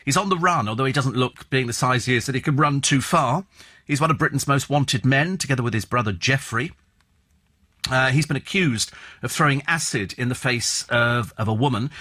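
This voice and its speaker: A man's voice: mid-range voice, bright, forceful tone. A male radio presenter reviewing newspaper stories with scornful, sarcastic asides and mocking tag questions, in a studio.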